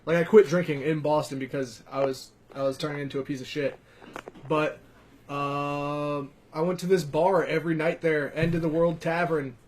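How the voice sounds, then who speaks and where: A man's voice: on the high side, steady tone, normal speed, darkish tone. A man, hosting a podcast and telling rambling, profane stories in casual chat. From Virginia. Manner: profane, rambling, laughing storyteller.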